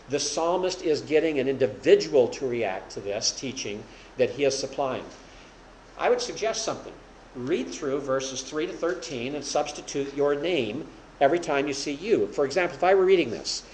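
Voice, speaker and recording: Man, Bible teacher, questioning the listeners, roomy reverb, faint background hum. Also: on the high side. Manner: asks the audience questions, explains patiently. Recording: echoey room with faint hum.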